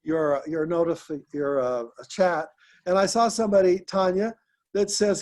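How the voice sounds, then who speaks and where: A man's voice: sits high, steady tone, measured pace, a little mellow. A man hosting a group call, coaching listeners in a direct, encouraging way and often repeating himself. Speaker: host, business coach.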